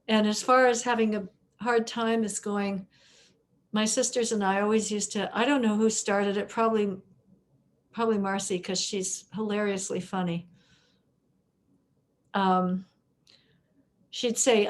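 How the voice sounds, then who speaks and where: A woman's voice: mid-range voice, steady tone, a little slow, long pauses. A woman chatting in an online study group, telling a story with easy laughter over a video call. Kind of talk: casual sharing in an online group.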